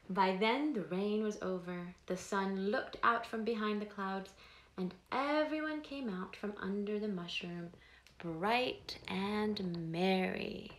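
A woman slowly reading a picture book aloud to young children, pausing to ask them questions. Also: mid-range voice. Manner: slow, gentle, asks the children questions. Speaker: storyteller host.

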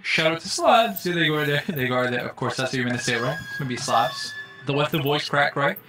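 A man doing casual live-stream commentary while playing a game, jokey and excitable, swearing when startled. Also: mid-range voice, fast talker, music in the background.

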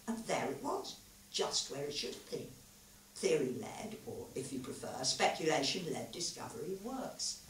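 A woman author reading her own literary story aloud at a live event, measured and expressive. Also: low voice, slight background noise. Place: literary festival venue, live audience. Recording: echoey hall, mic far off, faint ambience.

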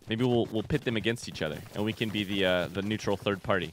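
A man's voice: lowish voice, fast, hardly any pauses, a little hiss or hum. A man hosting a casual let's-play video, chatting animatedly and talking back to the creatures in the game. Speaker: gaming video host.

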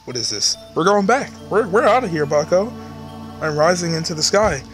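A man's voice: a little high, very animated, moderate pace, fairly bright tone, soft background music. A man hosting a let's play, giving sarcastic, joking commentary over gameplay.

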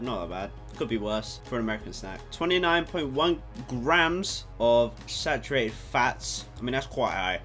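A nineteen-year-old British man chatting casually to camera in a home vlog, rambling, excitable and swearing freely. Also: medium pitch. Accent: British English. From Britain. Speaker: YouTuber. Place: home room at night.

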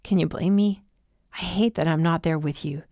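A woman voicing a tired, protective young man who speaks in a steady, hushed, reassuring way. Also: deep voice, moderate pace, no room sound, studio quality.

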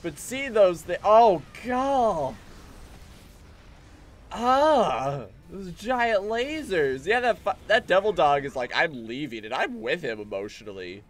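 A man's voice: sits high, expressive, takes it slowly. A man giving casual, sarcastic commentary while he plays a game, swearing and breaking into goofy exclamations. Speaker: game streamer.

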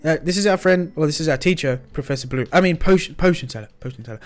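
Excitable young man, slangy game roleplay. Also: on the high side. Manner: excitable, slangy, quick shifts between shouting and muttering. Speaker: roleplay host. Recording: faint music behind.

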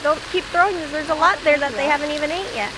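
A mother films her toddler outdoors by a pond in cold weather on a handheld camcorder, her high voice steady and quick as she coaxes and encourages in a sing-song way. The home video chatter is noisy, with traffic nearby.

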